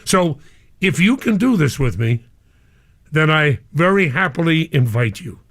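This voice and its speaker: A man's voice: fairly high pitch, sing-song, unhurried, fairly bright tone, no echo, clean studio sound. An older man, a radio DJ, speaking live and emotionally to his listeners, whom he calls cousins.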